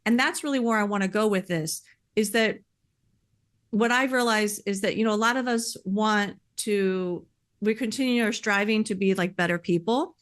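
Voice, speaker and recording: A woman speaking in earnest, conversational podcast talk, heartfelt and animated, often filling with "like" and "you know.". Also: mid-range voice. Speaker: podcast speaker sharing personal experience.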